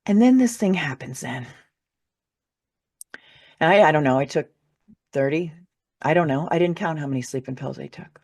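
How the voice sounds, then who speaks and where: A low, expressive, slightly mellow voice belongs to an author guesting on a podcast, who speaks at a moderate pace and pauses often. Candid and freely swearing, she tells an emotional personal story, laughing through its hard moments.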